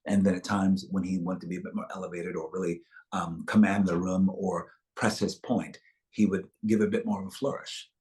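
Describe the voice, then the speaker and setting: A man's voice: deep voice, little pitch movement, fairly quick, a little mellow. A man speaking as an actor guest in a webchat interview over a video call, reflective and expansive in the way he tells things.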